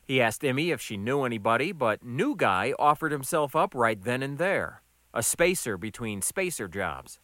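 A man narrating a story with a wry, brisk delivery. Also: medium pitch, big pitch swings, sharp tone, no room sound. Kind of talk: audiobook narration.

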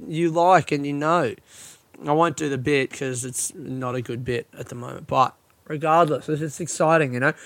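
A man's voice: fairly high pitch, fairly bright tone, dry recording. A young Australian man, a comedian, rambling through a casual solo podcast, tired and yawning, swearing often and running himself down, recorded on a phone in a friend's hot house. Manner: rambling, sweary, self-deprecating.

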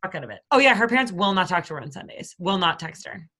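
A woman in her thirties from the Boston area, chatting casually as a podcast co-host. She tells long, rambling stories laced with swearing, in a bright, forceful tone that sits a little low for a woman. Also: sing-song, racing. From Boston area, USA. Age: 30s. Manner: profane, rambling storyteller. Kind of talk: casual chat.

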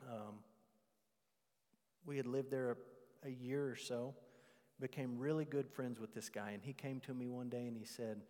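A preacher delivers his sermon with lively emphasis, leaning on key words and drawing them out. His voice sits at an ordinary middle pitch for a man. The sanctuary adds a long, ringing reverb behind him. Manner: animated, emphatic preaching with drawn-out stressed words. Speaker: pastor.

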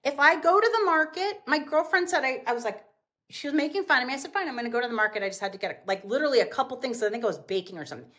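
A middle-aged woman, a business owner guest on a podcast, telling casual stories and acting out quotes with big jumps in pitch. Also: lively intonation, very fast, fairly bright tone. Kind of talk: casual storytelling in an interview.

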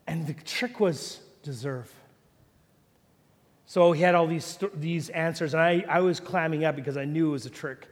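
A man preaching a sermon as pastor, animated, swinging from loud peaks to low quiet asides. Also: moderate pace. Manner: animated preaching, rising to shouts then dropping low. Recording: long reverb of a large hall.

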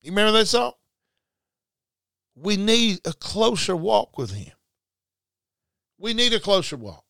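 High, bright-voiced man preaching hard. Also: very animated, unhurried, gravelly, no echo. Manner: emphatic and repetitive, talking straight to listeners. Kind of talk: livestreamed sermon.

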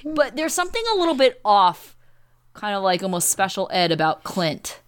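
A woman's voice: medium pitch, very animated, normal speed, clean tone. A woman co-hosting a casual podcast chat, emphatic and chatty, often saying "you know". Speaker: podcast co-host; teacher. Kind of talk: casual chat recapping a reality show.

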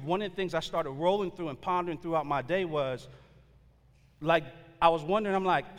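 A man's voice: on the high side, long reverb tail. A man preaching a sermon, telling a story in a loose, conversational way with slang and frequent fillers. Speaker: pastor.

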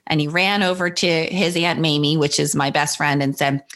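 A woman's voice: sits low, flat delivery, normal speed, few pauses. A woman from New Jersey, a guest and author, candidly and reflectively telling a personal story in an interview. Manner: reflective, candid, acts out her son's lines brightly.

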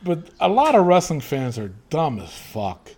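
A man co-hosting a casual chat podcast, reading listener comments aloud with animated swearing and frequent laughter. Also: a little high, a little slow, a crowd in the background.

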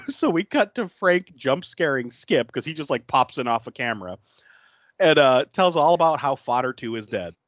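A podcast co-host retelling a movie plot in a casual, animated way, often acting out the characters' lines. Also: medium pitch, moderate pace, no echo, dull audio.

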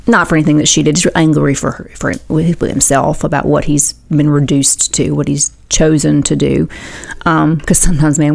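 A woman's voice: low-pitched, vocal fry. A woman hosting a faith radio talk show, earnestly retelling a story with many fillers and restarts. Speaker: host.

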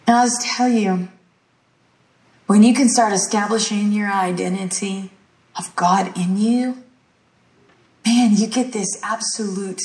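A teacher at a healing school, a woman from rural ranch country, delivers a sermon-style lesson in an emphatic, declarative manner, leaning on repeated phrases. Her medium-pitched, darkish voice is unhurried and full of pauses. She's far from the mic, and her voice echoes through a roomy space.

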